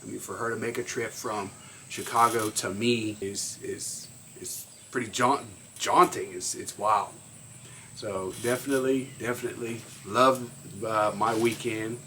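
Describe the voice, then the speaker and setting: A man with a fairly low voice talks in a halting, heartfelt way, restarting words and filling gaps with "uh." A faint hum of outdoor ambience and crickets sits behind him. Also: fairly even intonation, bright, forceful tone. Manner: halting, repeats words, many fillers. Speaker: newly found brother. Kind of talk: casual emotional chat.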